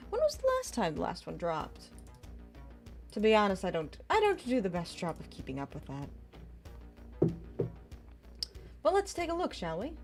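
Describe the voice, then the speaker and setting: Casting: gentle motherly streamer voice, a woman putting it on, calm and curious, animated pitch. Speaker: game streamer. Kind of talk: casual live-stream chat.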